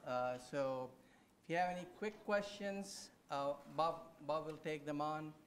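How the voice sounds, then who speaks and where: Brisk male moderator, slightly high. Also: a bit bright, a little hiss or hum. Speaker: event moderator. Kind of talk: hosting a lecture Q&A.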